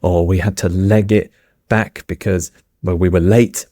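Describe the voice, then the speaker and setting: A British man co-hosting a relaxed English lesson, his voice sitting fairly low. He unpacks phrases patiently with examples, and the sound is dry with no room echo. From England. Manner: explains phrases slowly with examples. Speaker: English teacher co-host. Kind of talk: casual teaching chat.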